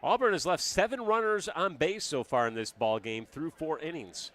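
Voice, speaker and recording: A man giving baseball color commentary on radio, measured and full of stats. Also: on the high side, a bit bright. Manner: measured, stat-heavy analysis.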